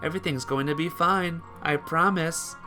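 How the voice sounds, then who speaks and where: A man voicing a dizzy, slurring young woman in a game story, with soft, faltering, apologetic delivery. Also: a little high, normal speed, music in the background, voice pushed up, lightly acted. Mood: weak, pleading.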